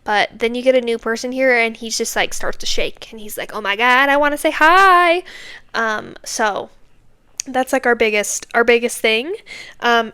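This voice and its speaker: A woman hosts her own podcast unscripted, rambling candidly and poking fun at herself, filling her talk with little verbal fillers. Her voice sits a touch high and comes across smooth and clean. The sound is dry and close, with no room around it. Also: fairly bright tone, dry recording. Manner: rambling, heavy with filler words; self-deprecating, candid. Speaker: podcast host. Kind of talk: unscripted casual rant.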